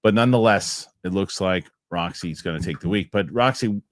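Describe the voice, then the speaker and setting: A man's voice: low-pitched, normal speed, dry recording, studio quality. A man hosting a casual live show, rambling loosely and reading viewer comments aloud. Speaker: host.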